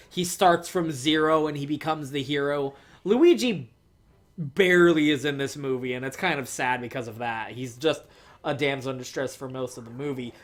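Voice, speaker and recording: A young man talks his way loosely through a movie review, his voice sitting a bit higher than most men's. He swears freely, laughs often and keeps stringing thoughts together with "like" and "you know". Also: a bit bright. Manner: rambling, swears, filler-heavy, laughs a lot. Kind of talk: casual rambling review.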